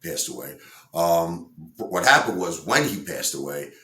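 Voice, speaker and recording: Man, low voice, bright tone, rambling casual storytelling, echoey room. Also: lively intonation, normal speed. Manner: rambling, many fillers, acts out quotes. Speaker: entertainer storyteller.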